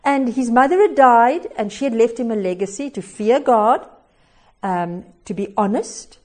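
Woman, preacher, slightly high voice, expressive storytelling, chuckles, hesitant fillers. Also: unhurried. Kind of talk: devotional storytelling sermon.

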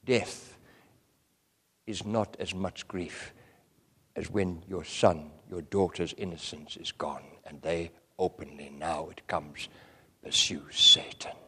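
A man preaching a sermon with passion, moving between loud cries and hushed whispers. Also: low voice, fairly even intonation, takes it slowly, husky, long reverb tail.

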